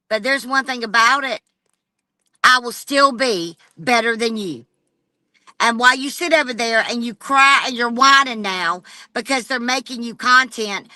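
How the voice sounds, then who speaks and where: A woman's voice: a little high, bright, forceful tone, dry recording. A woman livestreaming an angry, profane rant straight at a rival. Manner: profane and confrontational, addressing a rival directly.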